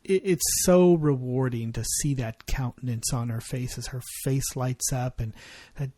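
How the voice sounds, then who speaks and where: A man's voice: medium pitch, moderate pace, mellow, no echo. A man co-hosting a parenting podcast, talking in an earnest, reflective way. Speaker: podcast co-host. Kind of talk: casual chat.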